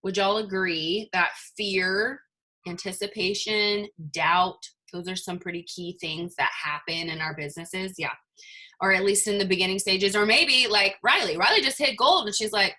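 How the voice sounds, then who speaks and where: A woman's voice: medium pitch, moderate pace, sharp tone. A woman leading her team in a chatty, motivational talk over a video call, full of rhetorical questions. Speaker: team leader.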